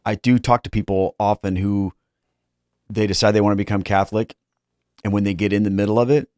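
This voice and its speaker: A man hosting an interview, speaking in a calm, explanatory way. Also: fairly low pitch, fairly quick, clean tone, no room sound, clean studio sound. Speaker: host. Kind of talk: interview conversation.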